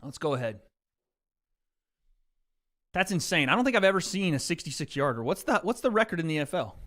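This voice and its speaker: Very animated and a little fast, a livestream host speaks in a slightly high, fairly bright voice. He chats loosely with his viewers over a desk mic and mixer, peppering his talk with "bro" and "dude."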